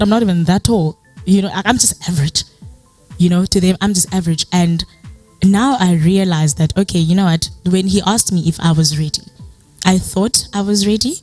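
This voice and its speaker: A woman's voice: fairly low pitch, a little mellow. A young woman with a South African accent, giving a motivational personal talk as a guest speaker. She tells her story in a chatty way, fills it with "you know", and acts out the dialogue she quotes.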